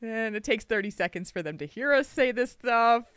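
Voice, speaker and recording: A woman's voice: on the high side, animated, normal speed, fairly bright tone, clear, resonant tone, no echo, clean studio sound. A woman hosting a podcast in casual chat, bubbly and laughing often. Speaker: podcast host.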